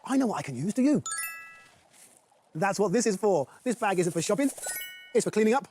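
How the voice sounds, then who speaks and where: A goofy dog walker in a kids show, chatty, talks to the dog, loud music underneath. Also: male voice, high-pitched, lively intonation, fairly quick. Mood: cheerful. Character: cheerful bumbling male dog walker. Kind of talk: children's show acting. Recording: voice over loud background music.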